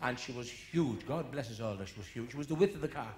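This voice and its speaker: A man's voice: medium pitch, expressive, fast talker. A man with an Irish accent doing live stand-up, telling stories and acting out characters for the punchlines. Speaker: comedian. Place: live venue with audience. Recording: echoey live venue with crowd noise. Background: crowd laughter.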